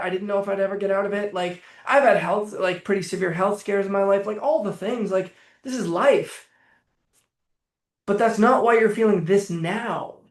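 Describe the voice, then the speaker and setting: A man speaking as a coach in a casual, energetic way, swearing freely as he leads listeners through guided exercises. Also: high-pitched, echoey room. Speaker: trauma coach.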